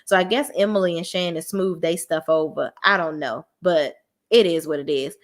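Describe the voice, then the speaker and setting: A woman's voice: on the low side, normal speed. A woman giving a blunt, profane review of a reality TV show in a casual vlog, acting out the cast's lines. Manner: blunt, profane, animated, acts out quoted lines.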